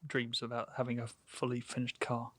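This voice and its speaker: A man's voice: mid-range voice, completely flat delivery, brisk, a bit bright. A man co-hosting a podcast, tossing in dry joking asides. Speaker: podcast co-host. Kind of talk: casual banter.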